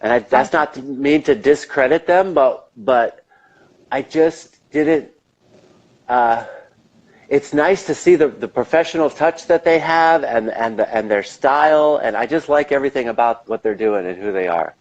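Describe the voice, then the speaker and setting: A man's voice: medium pitch, normal speed, highs cut off. A man being interviewed in a casual chat, talking in a rambling, enthusiastic way and swearing now and then. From United States. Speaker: interview guest.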